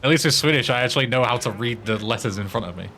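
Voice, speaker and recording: A man's voice: mid-range voice, rapid-fire, pushed and bright, slight background noise. A young British man with a British accent, chatting casually and swearing a lot while streaming a game and stumbling through foreign tongue twisters. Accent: British English. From Britain. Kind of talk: casual gaming stream chat.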